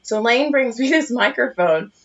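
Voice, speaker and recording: A woman co-hosting a casual podcast, telling a funny story in an animated, profane way and laughing at her own jokes. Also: on the high side, moderate pace. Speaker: podcast co-host. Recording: muffled lo-fi podcast audio.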